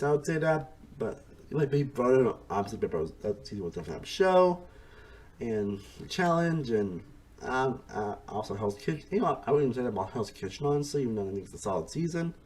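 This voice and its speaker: A man's voice: mid-range voice, sing-song, fast, darkish tone. A man giving a casual spoken review of a TV series, rambling along, restarting his sentences and leaning on "honestly" and "again" as he goes. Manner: restarts sentences mid-thought. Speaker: TV show reviewer.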